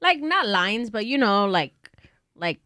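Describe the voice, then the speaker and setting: A woman's voice: medium pitch, big pitch swings, a little slow, bright, forceful tone, no echo, studio quality. A woman telling a rambling story in casual podcast talk, with lots of fillers and laughter.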